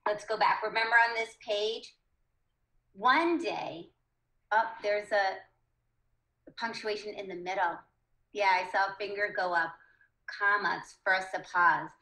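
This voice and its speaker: A woman's voice: medium pitch, flat delivery, normal speed, bright, forceful tone, echoey room, rough recording. A woman teaching a reading lesson to children, asking the class questions and encouraging them.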